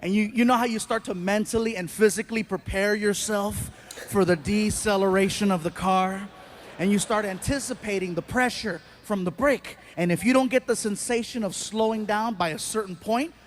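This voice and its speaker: A man performing stand-up comedy, telling a story in an animated way with bursts of shouting. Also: high voice, normal speed, slight background noise.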